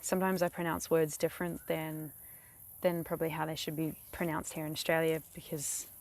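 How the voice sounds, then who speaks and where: A young woman with a New Zealand accent talks through a casual how-to vlog, rambling and full of fillers. Her voice sits fairly low and has a gravelly edge. She is recorded outdoors beside a lake. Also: little pitch movement, brisk. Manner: rambling, chatty, many fillers. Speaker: craft vlogger.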